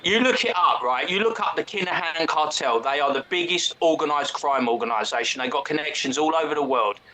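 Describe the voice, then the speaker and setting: Brash man, high voice. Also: brisk, a loud crowd, poor audio. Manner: brash, boastful, swearing. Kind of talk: casual banter.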